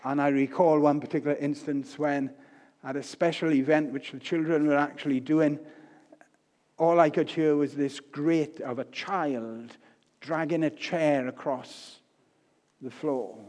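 An older man giving a sermon, telling stories with humor and swinging between loud and soft delivery. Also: fairly high pitch, steady tone, unhurried. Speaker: preacher. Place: church. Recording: long reverb of a church hall.

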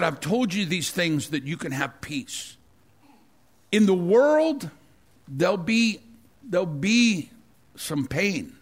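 A middle-aged male pastor delivering a sermon through a long personal story. His voice sits a little high for a man, and he keeps doubling back on words, stammering and restarting as the story builds. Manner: rambling, repeats words, stammers and restarts when excited.

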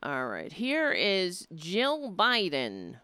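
A woman's voice: on the low side, huge pitch swings, extremely slow, pushed and bright, smooth, dry recording. A woman hosting a commentary show, mocking and blunt, with profane asides. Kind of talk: sarcastic political commentary.

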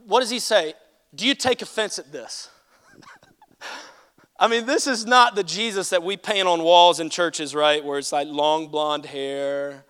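Male preacher, high bright voice, animated and humorous, punchy loud-to-quiet swings, acts out quotes. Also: smooth. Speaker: pastor. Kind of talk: sermon.

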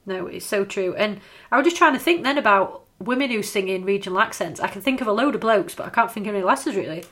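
A woman, co-hosting a relaxed chat, agreeable with blunt asides. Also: medium pitch, fast talker. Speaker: podcast co-host. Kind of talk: casual chat.

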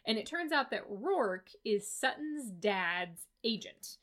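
A woman with a slightly high voice co-hosts a podcast and recaps a book. She talks in a casual, exasperated way, full of sarcasm and swearing. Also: expressive, takes it slowly, a bit bright. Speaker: podcast co-host reviewing a book. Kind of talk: casual chat.

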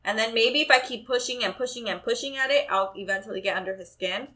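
Woman, bright clear tone, fairly high voice, casual chat, animated storytelling, swears freely. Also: fast.

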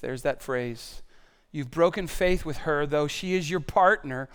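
Animated high-voiced male preacher. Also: a little slow, clean tone. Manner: animated, swings from loud to hushed. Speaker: pastor. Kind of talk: sermon.

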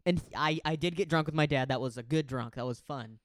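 A man's voice: a little high, brisk, no room sound. A man co-hosting a podcast in casual chat, telling a rambling story and acting out the voices of the people in it. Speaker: podcast co-host.

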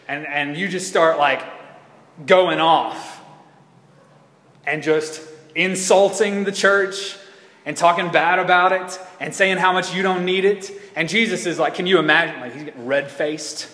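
A male pastor delivers a sermon in a loose, chatty manner, trailing off and correcting himself as he goes. His voice sits a little high for a man. It rings through a roomy church hall with a long echo. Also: measured pace, pauses often, fairly bright tone. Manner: conversational, rambling, self-correcting. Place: church sanctuary. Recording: echoey hall reverb.

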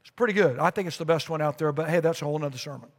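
Speaking at a rapid-fire clip, a middle-aged pastor preaches a sermon from the church stage through a stage mic. His fairly high voice echoes with long reverb across the sanctuary as he builds a story with repeated phrases and spirited asides.

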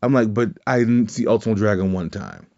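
Low, mellow-voiced man telling a rambling story. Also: a little fast. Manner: rambling, self-correcting, swears casually. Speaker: podcast co-host. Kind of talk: casual storytelling chat. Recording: dull lo-fi audio.

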